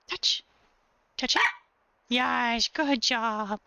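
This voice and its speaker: A woman's voice: on the high side, big pitch swings, extremely slow, vocal fry, pauses often, pushed and bright, smooth, dry recording. A woman streaming games, who gives clipped commands to her dog and then explains things in a casual way. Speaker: gaming streamer. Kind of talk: casual live-stream chat.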